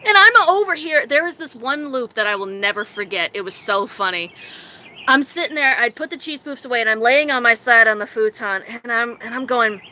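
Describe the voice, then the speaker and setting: Bright-voiced giggly young woman streamer. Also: fairly quick. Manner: animated, giggly, acts out her own quotes in a silly high voice. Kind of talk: casual live-stream storytelling. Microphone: phone.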